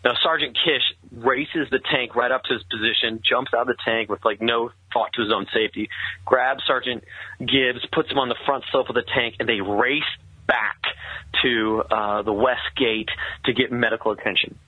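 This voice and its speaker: A man telling a personal story in earnest, halting conversational speech with many restarts. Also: mid-range voice, fairly even intonation, husky, no room sound. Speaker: guest telling his story. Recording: tinny, phone-like sound.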